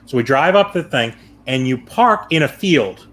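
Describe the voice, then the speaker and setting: A man hosting a casual chat show, telling a long story in a rambling way and acting out his own panicked shouts. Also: mid-range voice, lively intonation, moderate pace. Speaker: show host.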